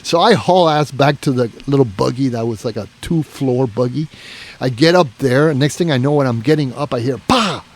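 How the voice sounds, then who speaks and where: A man's voice: mid-range voice, darkish tone. A man telling a long story in a casual podcast chat, rambling, swearing and restarting his sentences. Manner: rambling, profane, full of "you know" and restarts.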